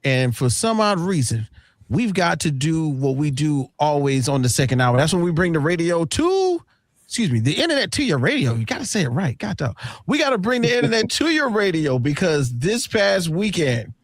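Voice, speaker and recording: A man hosts a sports talk show with hype and slang, his voice riding high and bouncing all over. The sound is dry and close, with no room around it. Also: moderate pace, no echo. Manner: energetic, slangy, shouting out guests. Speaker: radio show host. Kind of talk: hype sports radio hosting.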